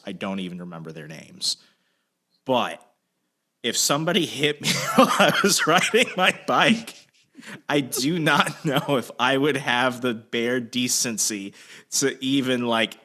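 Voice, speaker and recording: Bright-voiced man telling a story casually. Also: fairly low pitch. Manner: animated storyteller, swearing, acts out shouted quotes. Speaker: podcast co-host telling a story.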